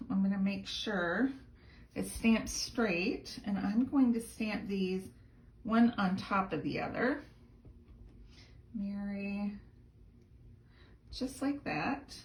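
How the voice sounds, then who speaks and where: A woman's voice: medium pitch, roomy sound, slight background noise, rough recording. A woman teaching a card-making tutorial in a chatty, enthusiastic way, gushing over the details as she works. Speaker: crafting instructor.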